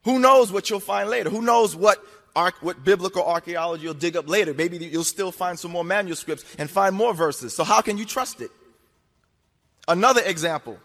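His voice sits high and fairly bright, moving at a moderate pace, as he lectures an audience in an argumentative manner. He presses his points insistently and repetitively with rhetorical questions, with long hall reverb on the recording.

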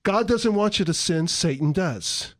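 A joking, folksy man with a slightly high voice explains scripture in casual talk. The recording is dry and close, with no room sound. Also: animated, unhurried, dry recording. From San Diego, California. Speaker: Christian radio co-host. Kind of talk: casual Bible teaching chat.

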